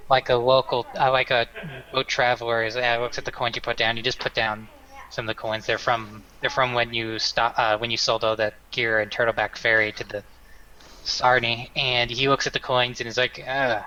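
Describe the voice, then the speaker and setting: Male game master, bright tone, halting narration, lo-fi. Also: medium pitch, little pitch movement, a little hiss or hum. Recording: dull lo-fi recording.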